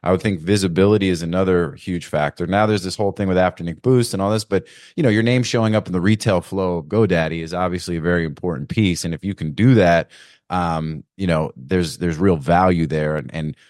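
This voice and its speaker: Deep-voiced man, rambling casual talk. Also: a little fast, no room sound, studio quality. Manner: rambling, many "you know" fillers, animated retelling. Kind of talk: casual panel discussion.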